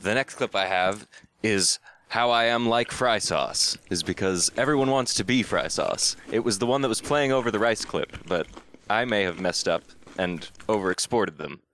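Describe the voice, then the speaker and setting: A man guesting on a casual podcast, explaining things in a deadpan, rambling way. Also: fairly low pitch, moderate pace. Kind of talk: casual drunken chat.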